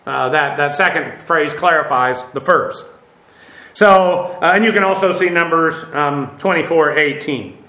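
A man with a bright, slightly high voice gives a classroom lecture. He thinks aloud, uses plenty of fillers and corrects himself as he goes. The room around him is echoey. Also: a little slow. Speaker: Bible teacher.

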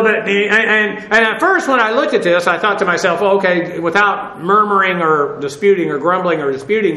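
A man's voice: fairly high pitch, pushed and bright, reverberant. A man preaching a verse-by-verse Bible lesson, talking conversationally with many fillers and repeats, spelling out Greek words. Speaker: pastor. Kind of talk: expository Bible teaching.

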